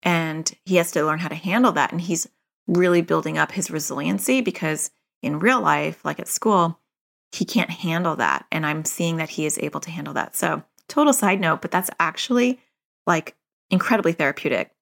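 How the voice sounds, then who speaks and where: A woman's voice: sits low, moderate pace, vocal fry, a bit bright. A middle-aged woman hosting a parenting podcast, talking in a casual, chatty way full of "like" and "you know".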